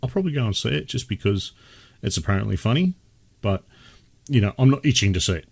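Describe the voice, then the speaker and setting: A man's voice: lowish voice, lively intonation, quick pace, gravelly, husky. A man co-hosting a casual gaming podcast, chatting loosely and rambling with many restarts. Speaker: podcast co-host. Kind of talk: casual chat.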